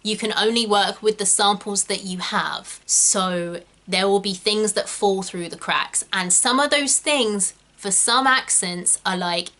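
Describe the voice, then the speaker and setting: Woman, young adult, from England, acting tutorial, chatty, emphatic, bright voice. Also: mid-range voice. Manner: chatty, emphatic, quick asides. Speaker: acting coach. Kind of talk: talking-head tutorial.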